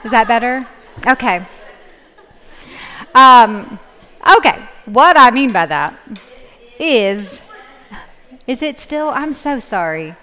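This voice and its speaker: A woman teaching a live Bible study, her voice a little high and carrying a long echo through a large hall. She talks in a relaxed, chatty way, laughing easily and checking in with her listeners. It sounds like a talk given from a stage to a room full of people. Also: slow pace, long pauses. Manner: casual, laughing, keeps checking in with "okay?". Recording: echoey hall.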